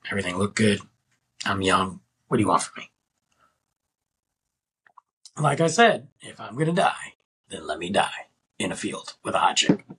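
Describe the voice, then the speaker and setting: A man's voice: fairly low pitch, normal speed, pauses often, slightly rough. A man hosting a podcast, telling a story in a chatty, casual way and talking straight to his listeners. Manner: animated, chatty, addresses listeners as guys. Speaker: podcast host.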